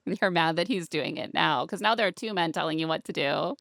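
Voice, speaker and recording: Female podcast co-host, low gravelly voice, wry and mocking, dead-dry sound. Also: normal speed, pauses often, fairly bright tone, no room sound. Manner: sarcastic, mocking quotes of cast, laughs often. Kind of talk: casual recap chat.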